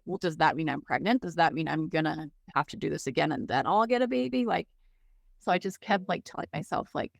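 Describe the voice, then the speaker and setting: A woman's voice: on the low side, lively intonation, fairly quick, vocal fry, no room sound, studio quality. A woman as an interview guest, telling a personal story candidly and emotionally, with many "like"s.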